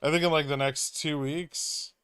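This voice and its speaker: A man's voice: a little high, steady tone, moderate pace, a bit bright, clear, resonant tone, no room sound, clean studio sound. A man hosting a trading livestream, reading viewer questions and answering them in an offhand, wry way, thinking aloud. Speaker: stock trading livestream host.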